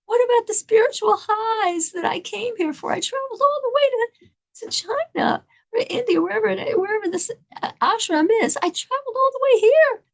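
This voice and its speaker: A woman's voice: extremely high pitch, very animated, fast talker, pitched above the performer's own voice. A woman voicing the inner thoughts of a frightened young Jewish woman who finds her resolve, in a raised, anxious voice.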